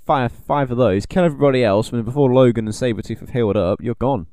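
Man co-host, rapid blunt banter, dark smooth tone, dry close mic. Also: medium pitch, no room sound. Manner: quick, blunt and jokey. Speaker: podcast co-host. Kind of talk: casual joking chat.

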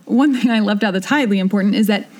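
A woman co-hosting a podcast, chatting casually and acting out characters' lines in quick voices as she retells a story. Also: mid-range voice, a little mellow. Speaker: podcast co-host. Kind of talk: casual chat retelling a musical.

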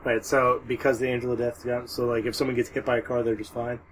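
A man's voice: mid-range voice, little pitch movement, fast talker, a little hiss or hum. A man in a casual chat, tossing in short dry jokes and replies.

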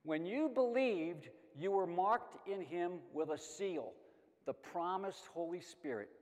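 A man's voice: high-pitched, slow pace. Emphatic man teaching Sunday school. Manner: lively, emphatic, asks and answers his own questions. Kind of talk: Bible lesson. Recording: long hall reverb.

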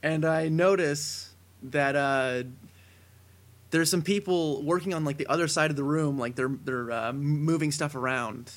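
A young man co-hosting a casual podcast, telling a long story with many fillers that builds to excited shouting. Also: fairly high pitch, measured pace. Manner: rambling tall tale, building to excited shouting. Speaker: podcast co-host.

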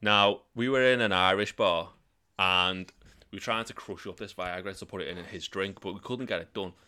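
Young man, low and bright-toned, crude laughing storyteller. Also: moderate pace, clean tone. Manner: swears freely, laughs while telling stories, mimics voices in sudden high bursts.

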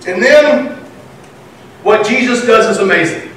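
A male pastor preaching a sermon with passion, now shouting, now dropping almost to a whisper. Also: very high voice, measured pace, slight background noise. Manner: impassioned, rising to shouts and dropping to near whispers. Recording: echoey room, voice from some distance.

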